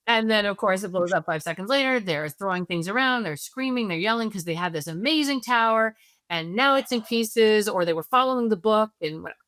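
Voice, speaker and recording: A woman speaking as a parenting expert guest on a podcast interview. She explains at a middling pitch, walking through everyday scenarios and checking in with her listeners as she goes. Her voice is dry and close to the mic. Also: expressive, brisk, a bit bright, no echo. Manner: explains through acted scenarios, often asks "right?".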